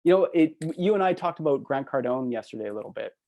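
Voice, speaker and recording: Animated storytelling man, mid-pitched voice. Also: quick pace, muffled recording. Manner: animated, acts out the people in his stories; laughs easily while telling stories. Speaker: hotel expert and entrepreneur, guest. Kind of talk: casual storytelling in an interview.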